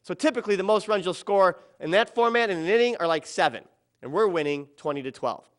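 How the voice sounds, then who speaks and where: A middle-aged man tells a personal story about a children's ball game, dramatizing it and quoting others in softer or louder voices. His voice is high and he talks fast.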